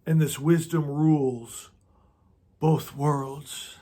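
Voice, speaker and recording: A man leads a guided prayer with spiritual teaching, slow and meditative, often repeating words and letting his voice trail off softly. His pitch is a little high and his delivery flat.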